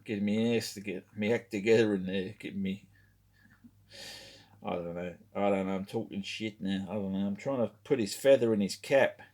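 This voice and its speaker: A man's voice: on the low side, steady tone, normal speed, a little mellow. A man chatting casually as a toy collector vlogger, rambling and swearing freely as he talks. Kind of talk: casual show-and-tell vlog.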